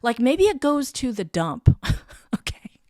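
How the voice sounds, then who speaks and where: A woman's voice: sing-song, darkish tone, no echo, studio quality. A young woman hosting a casual advice podcast as a career coach, chatty, frank and encouraging, with casual swearing. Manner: mimics listeners in quick high voices.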